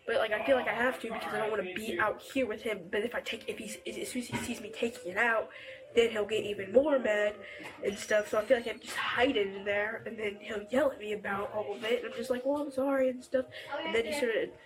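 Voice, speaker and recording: A teenage girl inside her family home telling a deputy what happened, halting and rambling with many fillers and restarts, picked up by an officer's body camera. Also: medium pitch, steady tone, poor audio. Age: teens. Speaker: family member reporting to deputy. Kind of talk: recounting events to police.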